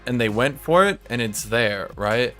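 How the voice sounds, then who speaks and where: A man's voice: mid-range voice, animated, unhurried, a bit bright, soft background music. Man streamer thinking aloud to chat. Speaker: game streamer. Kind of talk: casual live-stream chat while playing.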